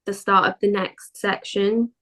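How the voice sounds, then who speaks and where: A British woman chatting on a fan podcast, relaxed as she explains her ideas at length. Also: medium pitch, a little slow. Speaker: podcast guest. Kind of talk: casual chat.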